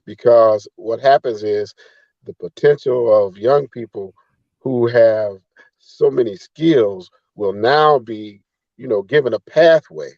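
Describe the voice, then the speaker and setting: A man, a former county official, giving earnest, measured interview answers. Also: medium pitch, darkish tone, no room sound, dull audio. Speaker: former county commissioner, guest.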